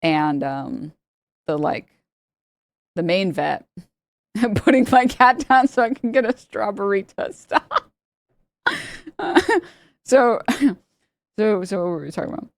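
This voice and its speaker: A woman's voice: mid-range voice, slow pace, vocal fry, long pauses, no room sound. Chatty woman streamer telling a story. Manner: rambling and animated, laughs often and mimics the people in her story. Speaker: livestreamer. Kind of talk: casual storytelling to a live audience.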